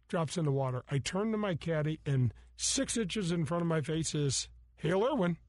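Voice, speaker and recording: Animated storytelling golf host, man. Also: on the high side, moderate pace, dry recording, clean studio sound. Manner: animated storyteller, acts out voices, laughs often. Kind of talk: casual storytelling chat.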